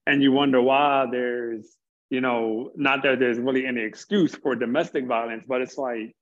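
An earnest man, the interview guest, works through his thoughts at length, sometimes tripping over a word before pressing on. His voice sits at a medium pitch, and the recording has a muffled, lo-fi quality. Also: fairly even intonation. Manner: earnest, stumbles on words, builds points slowly. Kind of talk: reflective conversation.

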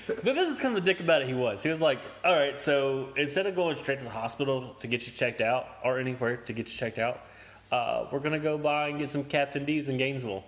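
A man's voice: mid-range voice, fairly quick. A young man casually telling a story in a podcast chat, swearing a lot, laughing and acting out quotes. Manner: profane, laughing, acts out quotes.

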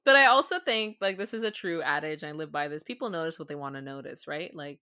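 A woman's voice: deep voice, fast talker, pushed and bright, no echo, studio quality. A woman co-hosting a podcast in a casual chat, thinking aloud with lots of fillers. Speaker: podcast co-host.

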